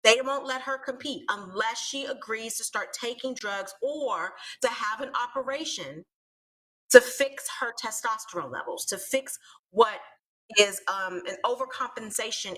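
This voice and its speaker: High bright lady co-host on a live panel show, explains hard, punches the key words. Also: moderate pace, rough recording. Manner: emphatic, explanatory, stresses key words loudly.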